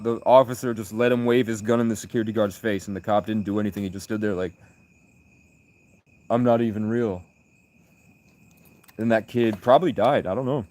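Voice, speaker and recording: Rambling low-voiced man on a late-night livestream. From United States. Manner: rambling, loud bursts of laughter.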